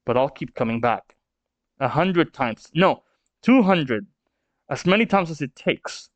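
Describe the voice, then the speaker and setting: A man's voice: a little high, animated, unhurried, no room sound. A man reading as a brash pirate captain. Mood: boastful.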